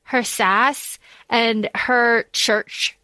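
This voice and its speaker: A woman's voice: on the high side, steady tone, extremely slow, sharp tone, no echo. A woman co-hosting a podcast in casual chat, rambling with many restarts and fillers. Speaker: podcast co-host.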